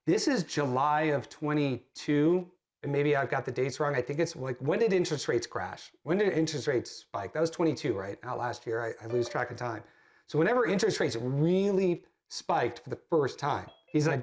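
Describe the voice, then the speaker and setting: A man's voice: fairly high pitch, lively intonation, normal speed. A man, a real estate agent, telling an earnest story while coaching other agents on a training call, often restarting his sentences.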